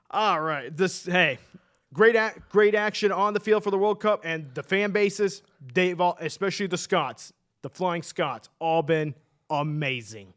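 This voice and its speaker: A man co-hosting a relaxed sports talk show, his voice sitting a little high for a man. He talks with eager enthusiasm, laughs easily and often stops to restart his sentences. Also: a little slow. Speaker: sports podcast co-host. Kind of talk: casual sports chat.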